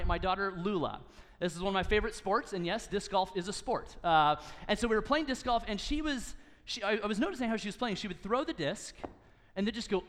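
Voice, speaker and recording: A man's voice: high voice, animated, a little fast, fairly bright tone, in a large hall. A man in his thirties preaching a sermon, earnest and teaching, with touches of light humor. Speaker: pastor.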